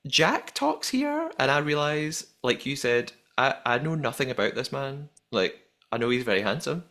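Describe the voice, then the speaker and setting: Male podcast host, casual and animated, lively pitch, average register. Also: normal speed. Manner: animated, laughs often, retells scenes. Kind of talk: casual chat recapping a reality show.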